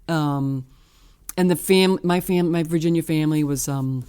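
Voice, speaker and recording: A woman's voice: deep voice, moderate pace, warm tone, clear, resonant tone. A woman in her fifties from the American South, talking in a casual, rambling way with many fillers and restarts. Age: 50s. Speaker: artist guest. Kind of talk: casual interview.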